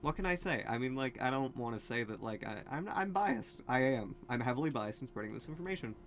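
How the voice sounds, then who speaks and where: A man's voice: medium pitch, expressive, a little fast, slight background noise. A man hosting a casual video commentary, rambling with many fillers, asides and restarts. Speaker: video host.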